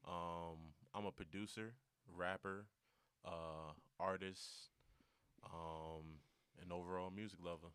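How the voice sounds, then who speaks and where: A young man, a rapper and producer, chatting as a podcast guest in a relaxed, slangy way. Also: low-pitched, clear, resonant tone, no echo. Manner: relaxed, slangy, quick affirmations. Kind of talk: casual podcast chat.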